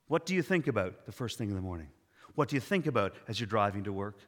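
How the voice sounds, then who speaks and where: A male pastor telling a story in a sermon with a measured delivery, recorded in a church sanctuary. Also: on the low side, very animated. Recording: long hall reverb.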